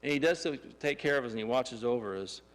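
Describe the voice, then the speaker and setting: A man telling a lively testimony story in a church, excitable and laughing as he acts out the scenes. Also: medium pitch, brisk, long reverb tail. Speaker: church member giving a testimony. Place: church sanctuary.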